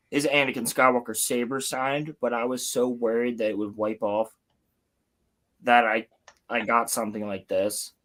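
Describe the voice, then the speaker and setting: A young man hosting a livestream from home, telling a story in an excited, rambling way with casual swearing. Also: medium pitch. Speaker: livestream host. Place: home, building Lego on stream.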